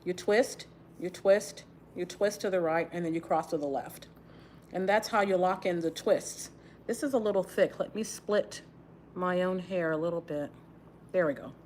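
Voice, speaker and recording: On a livestream, a middle-aged woman from Texas twists her braids and chats casually as she does her hair, subdued, grieving, sighing often and close to tears. Her fairly low, slightly mellow voice keeps a moderate pace over faint background noise.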